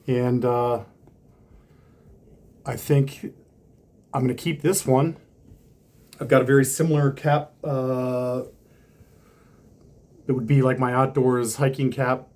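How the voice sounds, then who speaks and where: A man's voice: medium pitch, a little mellow. A man casually talking through an unboxing of hats, rambling with lots of fillers and restarts.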